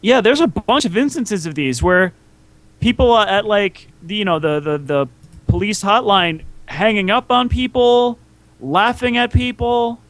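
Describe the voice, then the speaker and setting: High-voiced exasperated man. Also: unhurried, fairly bright tone, no echo. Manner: wry, exasperated storytelling. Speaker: podcast co-host. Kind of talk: casual chat.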